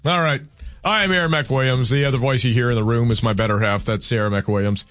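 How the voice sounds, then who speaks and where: A man's voice: mid-range voice, fairly even intonation, a little fast, a bit bright. A man hosting a call-in radio talk show in a studio, chatting casually and rambling with self-deprecating humor. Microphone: studio mic.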